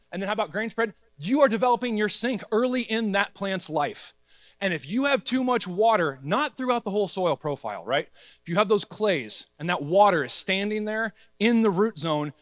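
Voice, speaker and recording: A man giving an energetic, conversational presentation to a room of growers, talking straight to the crowd. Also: high voice, no room sound. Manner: energetic, conversational, addresses audience as guys, acts out the plant's voice. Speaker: agronomy speaker at a grower meeting. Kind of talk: conference presentation.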